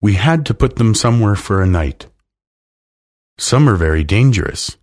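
A man reading a storybook aloud, voicing a friendly male lion in a lower, gruff tone. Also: lively intonation, normal speed, a little mellow, natural voice. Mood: matter-of-fact.

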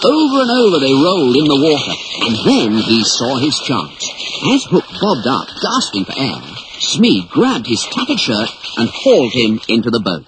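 A man reading a children's story aloud as narrator, in an expressive storybook style. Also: medium pitch, normal speed, noisy background. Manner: animated, expressive read-aloud.

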